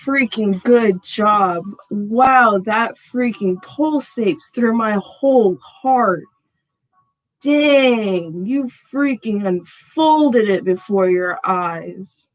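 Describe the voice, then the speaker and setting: This tarot reader talks extremely slowly at a medium pitch, and the audio is poor though free of echo. Channeling a reading for her viewers, she gushes, addresses them as y'all, leans on the word "freaking," and turns emphatic and excited with each card she reveals.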